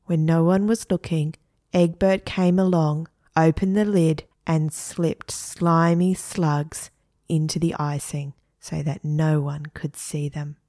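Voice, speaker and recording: A woman narrating a children's story expressively, dropping to hushed asides. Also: low voice, fairly even intonation, slow pace, no room sound, clean studio sound.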